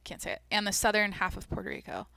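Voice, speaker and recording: A young woman hosting her own podcast, chatting casually in a rambling, jokey way with lots of fillers and a deadpan streak. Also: medium pitch, fast, vocal fry, no echo. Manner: self-described deadpan. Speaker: podcast host. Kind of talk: casual solo podcast chat.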